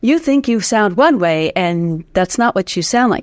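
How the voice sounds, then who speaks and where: A woman's voice: medium pitch, lively intonation, measured pace, few pauses, no echo, clean studio sound. A woman from the United States, a voice teacher guest in an interview, explaining vocal tips and humming demonstrations, with easy laughs. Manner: demonstrative, hums examples, laughs easily. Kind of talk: instructive interview talk.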